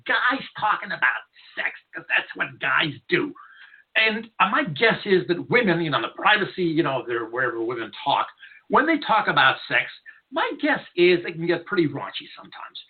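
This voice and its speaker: Speaking from a studio in narrow, tinny lo-fi audio, a talk radio host with a fairly high voice sounds very animated. His monologue runs at a moderate pace and is blunt, irreverent and rambling.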